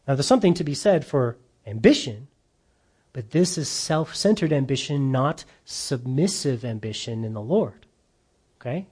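Slow, emphatic preaching man. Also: medium pitch, breathy edge. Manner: earnest, emphatic, with lively rises and drawn-out slow phrases. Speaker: pastor. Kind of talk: sermon.

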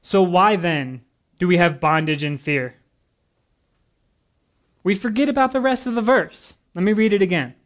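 A man's voice: sits high, normal speed, pauses often. A man preaching a sermon to a congregation, earnest and a little nervous, with casual asides and jokes between the scripture readings. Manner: earnest, nervous but lively, with asides and humor. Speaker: guest preacher.

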